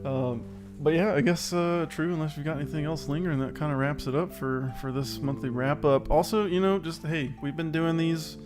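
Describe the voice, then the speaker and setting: A man's voice: fairly high pitch, fairly quick, hardly any pauses. A man co-hosting a casual online chat show, rambling and upbeat, a little out of breath, with music playing underneath. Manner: rambling, self-aware, upbeat. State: slightly out of breath. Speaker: podcast co-host.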